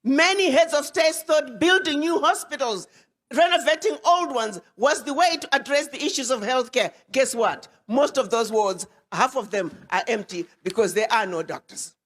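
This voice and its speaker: Woman ambassador, high voice, emphatic public address in a reverberant hall. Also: expressive, moderate pace, fairly bright tone. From Ghana. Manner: emphatic, repeats words for weight. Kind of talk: public speech to an audience.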